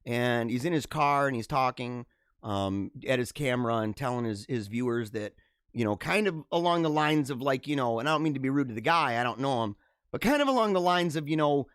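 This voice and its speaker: A man hosting a livestream, chatting casually and answering viewer comments in an animated, talkative way. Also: fairly high pitch, brisk, clear, resonant tone, dry recording, studio quality. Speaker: livestream host.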